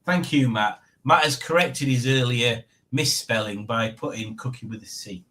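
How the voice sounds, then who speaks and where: A man's voice: mid-range voice, normal speed, sharp tone. A man hosting a casual livestream, chatting and rambling to his viewers in a self-mocking way. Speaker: livestream host. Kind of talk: casual chat.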